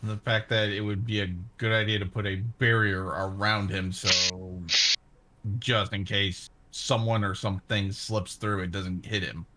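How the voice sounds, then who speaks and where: Lower-voiced man with terse remarks. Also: little pitch movement, unhurried, background noise. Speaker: player. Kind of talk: casual tabletop role-play chat.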